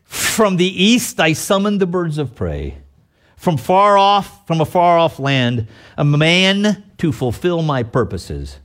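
A man preaching a sermon, reading scripture slowly and emphatically, with sudden loud, exclaiming peaks. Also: a little high, big pitch swings. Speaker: pastor.

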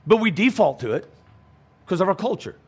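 A middle-aged male pastor delivering a sermon. He speaks with a somewhat high voice, preaching emphatically but conversationally, often turning to rhetorical questions for the congregation. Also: sing-song, a little fast, a little mellow, husky.

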